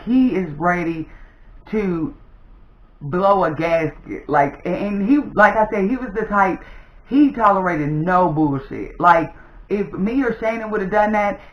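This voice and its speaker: Chatty woman storyteller, lively delivery, recorded in a roomy space on a slightly muffled mic. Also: fairly low pitch. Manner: animated, addresses viewers as "y'all". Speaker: storytime vlogger. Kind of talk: casual storytelling.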